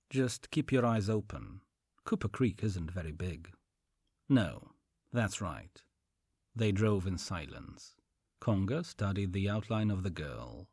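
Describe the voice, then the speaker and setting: A man reading an audiobook story in an expressive storytelling manner. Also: fairly low pitch, husky, dry recording, clean studio sound. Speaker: audiobook narrator. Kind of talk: audiobook narration.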